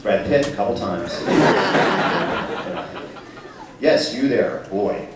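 Man answering crowd questions live, wry and self-mocking, lively pitch, recorded from afar in a roomy hall. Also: very slow. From United States. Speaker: touring speaker taking audience questions. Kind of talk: live audience Q&A. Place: large hall with a live audience. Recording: echoey hall, distant mic, loud crowd noise.

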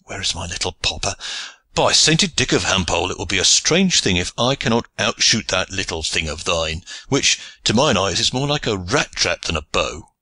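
A man's voice: low-pitched, big pitch swings, moderate pace, pushed and bright, no room sound, exaggerated voice. A man voicing a huge, bluff, boastful archer in an audiobook reading.

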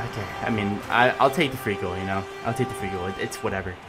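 A young man giving casual gameplay commentary as he plays, excitable and swinging between loud yelling and mumbled asides. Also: on the low side, a little fast, over loud music. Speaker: gaming commentator.

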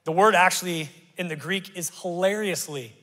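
A middle-aged man preaching a sermon as pastor, conversational and animated with sudden loud bursts. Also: high voice, normal speed. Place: church sanctuary. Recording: long church-hall reverb.

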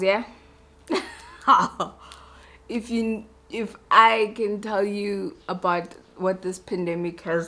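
A woman's voice: fairly low pitch, sharp tone. A young woman, a beauty vlogger chatting casually and self-mockingly while doing her makeup.

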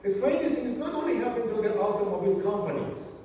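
A man preaching a sermon in a church, speaking slowly and deliberately, often dropping his voice low for emphasis. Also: animated, warm tone, a little hiss or hum. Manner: slow, measured delivery with dramatic drops in volume. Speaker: pastor. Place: church sanctuary. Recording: echoey church hall, from far off.

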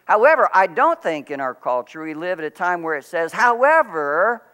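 A middle-aged man preaching a sermon as pastor, telling stories with lively swings from quiet to loud. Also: a little fast, smooth. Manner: animated storytelling, big swings in pitch and volume.

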